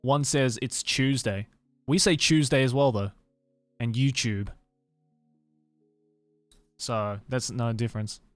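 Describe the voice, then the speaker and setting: A man's voice: mid-range voice, no echo, faint music behind. Musing Australian man chatting with viewers. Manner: musing, hesitant, slows to spell out words. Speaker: streamer. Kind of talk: casual chat with viewers.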